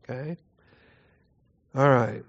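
A man teaching through Bible verses in an earnest, emphatic way, often dropping his voice low to stress a point. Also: takes it slowly. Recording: dull lo-fi recording.

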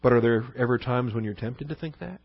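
A man's voice: mid-range voice, brisk, gravelly, no echo, dull audio. Man preaching with rhetorical questions. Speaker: pastor. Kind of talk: sermon.

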